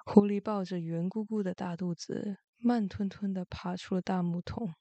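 A woman hosting a show and reading a bedtime story aloud in a gentle, expressive way. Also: lowish voice, normal speed, no room sound. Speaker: host and storyteller.

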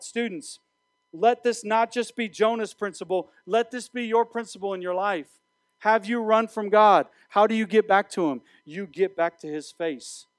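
A man preaching an animated sermon to students as their youth pastor, speaking straight to the room. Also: high-pitched, no room sound. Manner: animated preaching with direct address.

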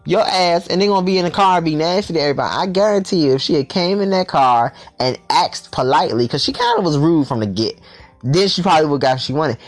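A man telling a storytime tale in a vlog, animated and full of profanity and slang. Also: on the high side, fast.

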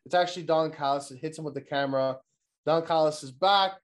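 Rambling, excitable young man recapping wrestling. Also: a little high, quick pace. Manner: rambling, profane, laughs often, mimics wrestlers. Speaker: podcast co-host. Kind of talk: casual wrestling recap chat.

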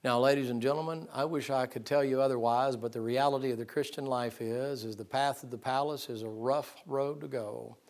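A preacher delivers a sermon in a folksy, emphatic storytelling voice. He is plainspoken and self-deprecating, with a middling pitch. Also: fairly even intonation, fairly quick, hardly any pauses, a little mellow.

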